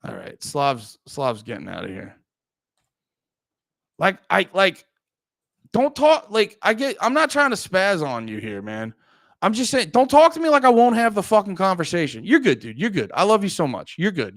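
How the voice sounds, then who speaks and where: A Pennsylvania comedian hosting a livestream talks to his chat in a profane, rambling, heated way. His voice sits high and is very animated, at a normal speed with a fairly bright tone. The sound is clean studio quality with no echo.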